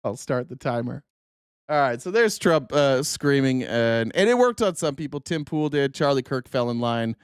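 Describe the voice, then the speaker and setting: A man hosting a casual political commentary show, sarcastic and profane with quick asides. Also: mid-range voice, lively intonation, clear, resonant tone, dry recording, studio quality. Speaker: host.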